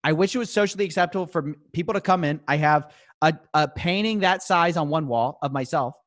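A man's voice: fairly high pitch, fast, a bit bright, dry recording, clean studio sound. A young man hosting a casual comedic chat, playfully enthusiastic and joking. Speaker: host.

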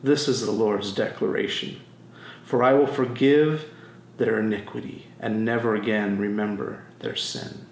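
A man's voice: medium pitch, gravelly. A man preaches a sermon in a church, his voice carrying a roomy echo. He tells stories with energy and acts out the people he quotes. A faint hum of room ambience sits underneath. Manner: animated storytelling, acts out quotes. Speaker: pastor. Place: church sanctuary.

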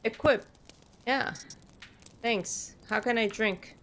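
A woman's voice: fairly high pitch, slow pace, fairly bright tone, slight background noise. A young woman casually commenting on a horror game, giggling often and reading the characters' lines aloud in her own voice. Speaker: gameplay streamer.

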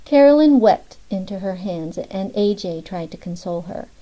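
A woman's voice: lively intonation, moderate pace, dark tone, poor audio. A woman narrating a novel as an audiobook, lifting her voice slightly for the characters' lines. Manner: reads all characters with small pitch lifts for dialogue.

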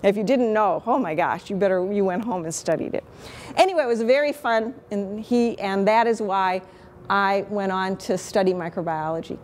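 A woman's voice: medium pitch, normal speed, a little hiss or hum. A woman in her fifties with a Chicago accent, a microbiology professor giving a candid, chatty talk on teaching. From Chicago, USA. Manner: candid, chatty, self-deprecating.

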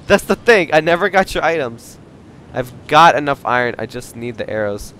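A young man hosting a Minecraft livestream with a slightly high, very lively voice that swings widely in pitch. He is excitable and teasing, swears a lot and breaks into sudden shouts at friends. A faint hiss sits under his voice. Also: normal speed. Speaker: livestream host playing Minecraft. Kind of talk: casual gaming chat.

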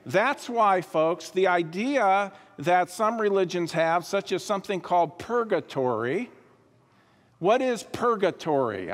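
A man preaching a sermon as pastor, emphatic, repeating key phrases and dropping into quiet asides. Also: high voice. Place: church sanctuary. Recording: long hall reverb.

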